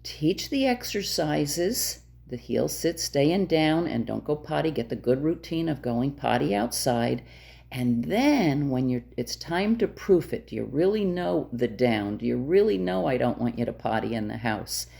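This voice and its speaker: A woman dog trainer explains her methods in a direct, emphatic manner, often repeating herself to drive the point home. Her voice sits low and mellow with a gravelly edge. Her pitch swings widely from phrase to phrase. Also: expressive, measured pace. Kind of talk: instructional talk to camera.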